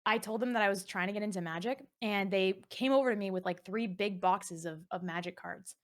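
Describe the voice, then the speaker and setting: A woman's voice: mid-range voice, a little fast. A woman streamer telling a story and teasing friends crudely in voice chat, often laughing.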